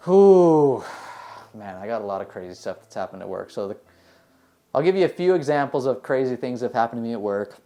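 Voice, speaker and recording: A man from the United States, a dentist, answering interview questions in a relaxed, rambling way with many fillers. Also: mid-range voice, a little fast. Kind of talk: casual interview answers, storytelling.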